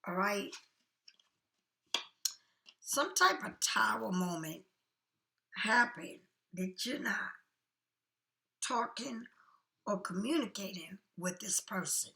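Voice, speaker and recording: A woman talks through a tarot spread in a soft, often half-whispered voice. Her tone is bright and carries a gravelly rasp. She stays chatty and reassuring, with a faintly tired air. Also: mid-range voice, lively intonation, slow, pauses often. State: yawning, tired. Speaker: tarot card reader. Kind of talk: casual spoken tarot reading.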